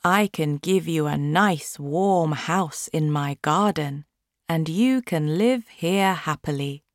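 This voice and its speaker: A woman's voice: low voice, slow pace, dry recording, clean studio sound. A kindly, generous duke, as a woman reads him aloud.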